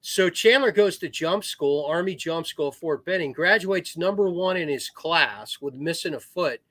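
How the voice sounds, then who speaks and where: A man's voice: a little high, animated, unhurried, fairly bright tone, no room sound. Talkative middle-aged man telling war stories. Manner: rambling war stories with restarts, acts out quoted voices. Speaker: podcast guest, retired Marine officer. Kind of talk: casual storytelling.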